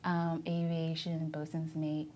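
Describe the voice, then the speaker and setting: A woman's voice: sits low, monotone, slow, a little mellow. A young adult woman and Navy veteran being interviewed, telling her memories casually and candidly, laughing often as she talks.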